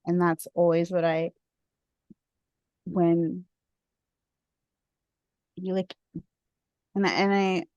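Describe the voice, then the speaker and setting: Talkative, expressive woman from India. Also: fairly low pitch, drawn-out words, long pauses, no echo, lo-fi sound. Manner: talkative, expressive, easily sidetracked. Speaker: guest speaker. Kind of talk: casual discussion.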